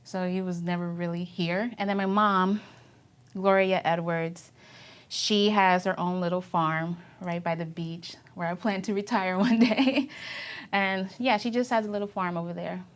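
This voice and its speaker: A woman's voice: on the low side, steady tone, a little slow, smooth. A young adult woman and Navy veteran being interviewed, telling her memories casually and candidly, laughing often as she talks.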